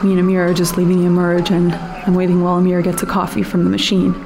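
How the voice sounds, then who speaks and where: An actress playing a female paramedic who is falling apart, telling her story in a halting, confessional monologue. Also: lowish voice, monotone, background noise, lightly acted. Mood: weary. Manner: halting, confessional, rising to frantic yelling. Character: burnt-out female paramedic, restless and unraveling. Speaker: paramedic Anna. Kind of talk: audio drama monologue.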